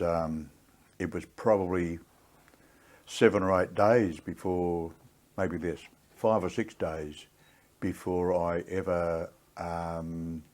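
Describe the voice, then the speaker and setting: A man's voice: low-pitched, a little mellow. An older Australian man, a war veteran, telling his story in a plainspoken, gritty way in an oral history interview.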